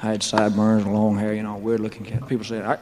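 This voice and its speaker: A man's voice: on the low side, monotone, quick pace, darkish tone. Joking man rambling in a big hall. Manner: loose, joking, drawling asides full of "man" and "you know". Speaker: singer telling his career story on stage. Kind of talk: rambling stage monologue. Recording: long hall reverb.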